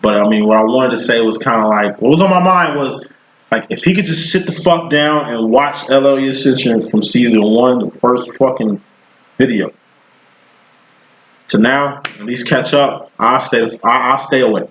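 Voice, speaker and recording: A psychic in his thirties reads tarot casually, his speech blunt and laced with profane street slang. He has a medium-pitched, fairly bright voice at normal speed. There's slight background noise, and the audio sounds roomy, dull, and lo-fi.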